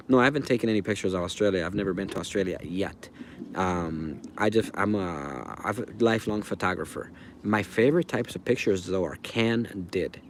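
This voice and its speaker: A man's voice: lowish voice, a little hiss or hum. A man hosting a livestream outdoors, rambling casually and answering viewers in chat by name. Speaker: livestream host. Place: outdoors by a fire.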